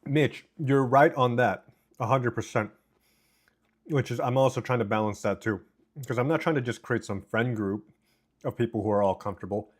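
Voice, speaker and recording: A man's voice: mid-range voice, moderate pace. Chatty man streaming while he eats. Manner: chatty, reading chat aloud while eating. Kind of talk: casual live-stream chat. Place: home, indoors. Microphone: desk mic with noise cancellation.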